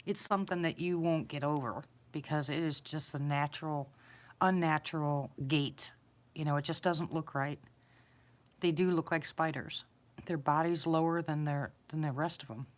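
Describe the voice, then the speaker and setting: A woman's voice: low voice, fairly even intonation, moderate pace. A woman casually telling a personal story, rambling, repeating herself and chuckling. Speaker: eyewitness storyteller.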